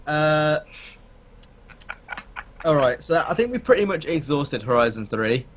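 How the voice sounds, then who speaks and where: A man's voice: fairly high pitch, very animated, unhurried, muffled recording, slight background noise. A man hosting a casual gaming chat over a voice call, blunt and crude, laughing often. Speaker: podcast host. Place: online voice call.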